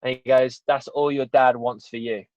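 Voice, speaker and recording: This podcast guest from England rambles earnestly through a personal story in a relaxed interview, peppering it with "you know" and "right?". His mid-range voice is a little mellow, level in tone and paced normally. The recording is dry and dull.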